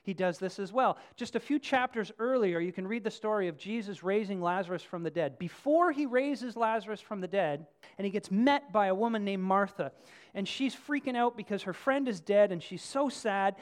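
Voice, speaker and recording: Casual, joking preacher at mid pitch. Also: moderate pace. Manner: casual, joking, talks with the congregation; lively, stresses key phrases. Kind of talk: conversational sermon.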